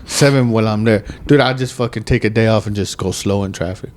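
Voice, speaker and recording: A man's voice: fairly low pitch, quick pace, slight background noise. Profane rambling man in casual podcast chat. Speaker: podcast host.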